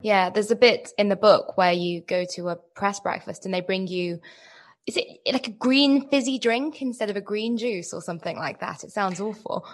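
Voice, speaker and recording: A woman's voice: mid-range voice, moderate pace. A woman hosting an interview, asking long, thoughtful, winding questions in a conversational way. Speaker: podcast interviewer.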